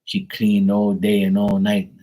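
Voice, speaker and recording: A man's voice: fairly low pitch, monotone, unhurried, warm tone. A man voicing a grieving adult daughter who makes excuses for not cleaning her house, in a voice close to his own. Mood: defensive.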